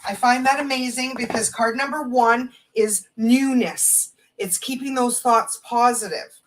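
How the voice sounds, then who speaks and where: Slow-spoken woman reading oracle cards. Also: on the high side, steady tone. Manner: gentle, reads card messages aloud. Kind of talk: slow spiritual live talk. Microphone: phone or webcam on a live stream. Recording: distant from the mic.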